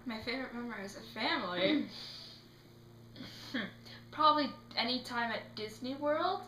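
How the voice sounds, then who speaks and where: A teenage girl answering interview questions in a casual, animated way, acting out little scenes as she talks. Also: on the high side, normal speed, slight background noise. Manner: animated, acts out quotes in put-on voices. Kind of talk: casual chat. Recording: echoey room.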